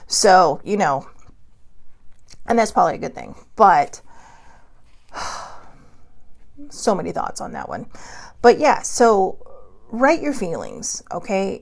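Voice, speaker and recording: A woman talks casually as the host of her own show. She rambles from one thought to the next and laughs often. Her mid-pitched voice has a gravelly, creaky texture. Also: a little mellow. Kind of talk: casual talk show monologue.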